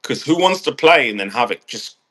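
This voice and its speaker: Male vlogger, congested nose, loose swearing rant, mid-pitched. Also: expressive, fairly quick, a bit bright. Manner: ranting, swears freely, restarts phrases. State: stuffed-up nose. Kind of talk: casual rambling monologue.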